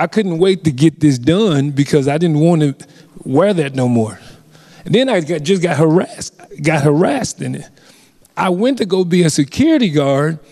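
A man's voice: fairly high pitch, a little mellow. Earnest man recounting a story in a hall. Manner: earnest, halting, repeats phrases. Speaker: community forum speaker. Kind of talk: personal storytelling. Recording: reverberant hall.

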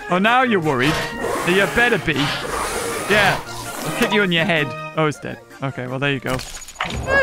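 A man giving excitable live commentary over a video game, exclaiming and laughing often. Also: sits high. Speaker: gaming YouTuber.

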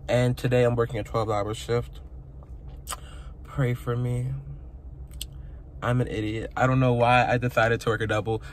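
A man's voice: mid-range voice, level tone, normal speed, pauses often, slight background noise. A young man talking casually to his phone camera, chatty and emotional, laughing at himself. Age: young adult. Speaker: vlogger. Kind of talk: casual vlog chat. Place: parked car outside his workplace.

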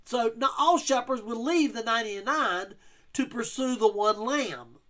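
A man's voice: extremely high pitch, normal speed, a bit bright. A male pastor giving a verse-by-verse teaching sermon, explaining scripture and reading King James wording with emphasis.

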